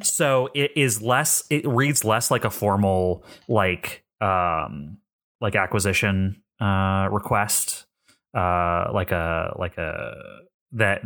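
A man's voice: fairly low pitch, fairly bright tone. A man running a tabletop game as game master, describing things in a rambling way with lots of fillers.

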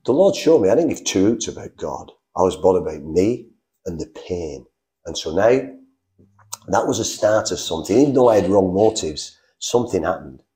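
Guy, middle-aged, lower mellow voice with a very lively pitch, storyteller acting out conversations. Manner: animated, acts out dialogue with quick voice shifts. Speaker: interview guest sharing a faith testimony.

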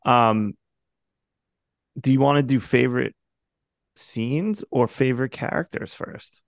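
Mid-pitched gravelly man, dry teasing podcast host, close dry mic. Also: takes it slowly, dry recording. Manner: dry, teasing one-liners. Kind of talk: casual movie chat.

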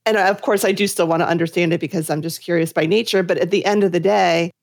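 A woman's voice: on the low side, fairly even intonation, quick pace, gravelly, dry recording, clean studio sound. A woman speaking thoughtfully and reflectively in a podcast conversation.

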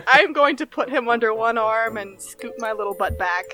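Playful woman player, lively voice. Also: fairly high pitch, moderate pace, soft background music, low-quality recording. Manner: eager, playful. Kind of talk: tabletop game chat.

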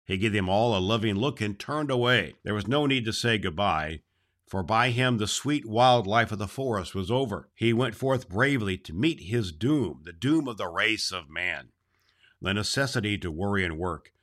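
A man in a Santa Claus persona reading a chapter book aloud, gentle and unhurried. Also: fairly low pitch, expressive.

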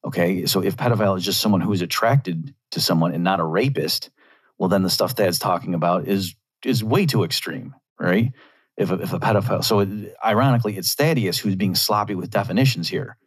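A man's voice: deep voice, a little fast, slightly rough. A man talking through a commentary monologue, arguing his point with rhetorical asides.

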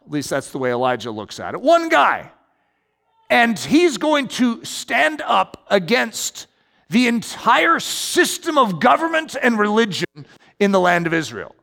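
A man preaching a sermon as pastor, animated, with sudden emphatic rises in his delivery. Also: high voice, measured pace, vocal fry. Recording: long hall reverb.

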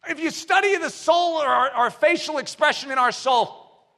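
A man preaching a sermon, swinging from hushed asides to shouted exclamations and acting out quoted voices. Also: very high voice, normal speed. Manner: animated, shifts between hushed and shouting. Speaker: pastor.

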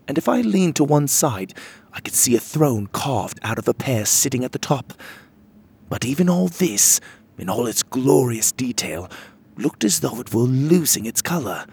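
A man narrating a children's fantasy audio story in an expressive, lively way. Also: mid-range voice, normal speed, gravelly, slightly rough.

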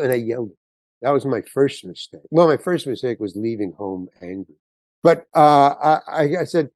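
Animated older man telling a story. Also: a little high, a little fast, no room sound. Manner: animated storyteller acting out quotes. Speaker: guest actor. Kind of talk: telling an anecdote in an interview.

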